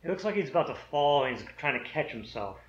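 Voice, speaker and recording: A man's voice: a little high, very animated, fast talker. A man in a casual chat who argues his points in a matter-of-fact way. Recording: echoey, dull room recording.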